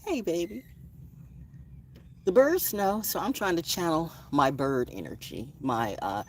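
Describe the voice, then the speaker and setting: A woman's voice: low voice, very animated, slow. A woman vlogging on a morning nature walk, playfully musing aloud about birds and astrology, recorded outdoors on a handheld phone. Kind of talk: casual rambling morning talk on a nature walk. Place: outdoors in a front yard. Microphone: phone held in hand.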